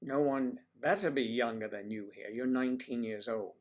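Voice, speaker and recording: A man hosts a casual livestream and talks straight to his viewers. His delivery is playful and rambling, full of teasing asides. His voice sits at an ordinary, middle pitch. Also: moderate pace. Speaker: livestream host.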